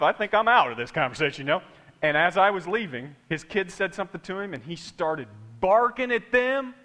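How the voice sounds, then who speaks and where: A middle-aged man preaching a sermon, telling stories in an animated way and acting out quotes. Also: on the high side, fairly quick.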